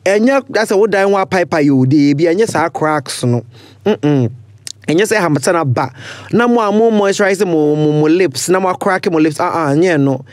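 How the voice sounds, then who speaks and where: A man's voice: a little high, animated, moderate pace, no echo. A young man with a Ghanaian accent hosting a podcast in casual chat, playful and laughing often, mixing in bits of pidgin. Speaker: podcast host.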